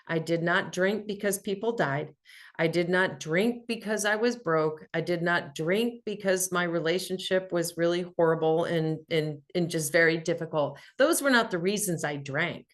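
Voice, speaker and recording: A woman hosting a podcast, giving a candid, earnest personal motivational talk and swearing casually. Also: fairly low pitch. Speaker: podcast host.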